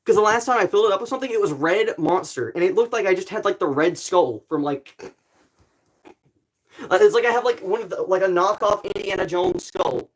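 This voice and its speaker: A young male streamer chatting loosely to his viewers. He talks in playful, rambling bursts full of "like," with a voice that sits a bit higher than most men's. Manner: rambling and playful, many "like" fillers, quick bursts. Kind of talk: casual livestream chat.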